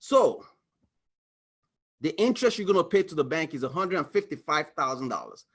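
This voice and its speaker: A man's voice: a little high, normal speed, husky. A man coaching viewers on personal finance over a shared screen, talking animatedly and acting out little scenes between a couple and their bank. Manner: animated, acts out little dialogues, exclaims. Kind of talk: screen-share explainer talk.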